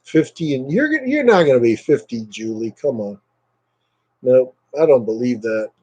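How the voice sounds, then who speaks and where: A man's voice: medium pitch, moderate pace, slightly rough, muffled recording. A man hosting a casual livestream, rambling and reading viewer comments aloud, with lots of hesitant fillers. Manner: relaxed, hesitant with many fillers. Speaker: livestream host.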